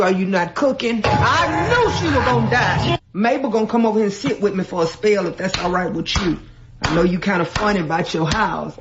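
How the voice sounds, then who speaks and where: A comedian doing a fussy, bossy older Southern mother character, scolding and handing out rambling homespun advice. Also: sits high. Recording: muffled radio audio with loud hiss.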